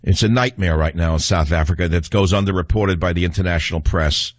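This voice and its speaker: A man with a fairly low voice hosts a political talk radio show. He rants with combative scorn, then turns to take callers. The studio sound is dry and close. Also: quick pace, no room sound.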